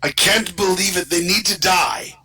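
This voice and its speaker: A man voicing an angry man who shouts that the party must die, during a tabletop game. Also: high voice, normal speed. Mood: furious.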